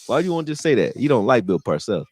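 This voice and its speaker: A man's voice: mid-range voice, very fast, dry recording, clean studio sound. A man who makes football videos, speaking in a casual, profane sports rant and acting out quotes. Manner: animated, profane, acts out quotes. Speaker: fan commentator making football videos.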